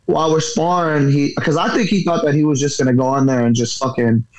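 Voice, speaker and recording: A man's voice: a little high, fairly even intonation, fairly quick, low-quality recording. A man who fights professionally and coaches boxing, telling a story in a casual interview, rambling, swearing freely and leaning on filler words.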